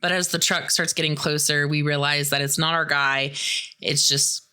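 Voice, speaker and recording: A woman's voice: sits low, fairly even intonation, normal speed, pushed and bright, smooth. A woman from the Midwestern US hosting a podcast, recapping a film in a chatty, sarcastic way with plenty of swearing. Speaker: podcast host. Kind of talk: casual movie recap commentary.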